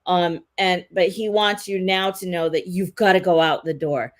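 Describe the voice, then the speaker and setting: A woman's voice: fairly low pitch, fairly even intonation, moderate pace. A woman co-hosting a live psychic reading, rambling and hesitant with many fillers. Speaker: psychic co-host.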